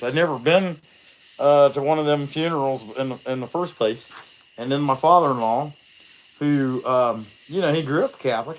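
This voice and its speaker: A medium-pitched man, recorded with a little hiss or hum, chats while hosting his carving livestream as a chainsaw carver. Expect rambling, jokes, plenty of fillers, and animated storytelling.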